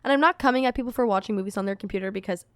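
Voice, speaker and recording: A young woman co-hosting a podcast, talking casually with relaxed, rambling sentences. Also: mid-range voice, very fast, clear, resonant tone, dry recording, clean studio sound. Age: young adult. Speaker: podcast co-host. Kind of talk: casual chat.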